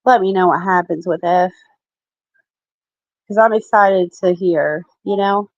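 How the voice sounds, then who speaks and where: A woman's voice: lowish voice, a little slow, no echo, muffled recording. A woman giving casual tarot readings on a live stream, chatty and apologetic, calling viewers babe and love, with her children heard behind her. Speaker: tarot reader. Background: children heard in the background.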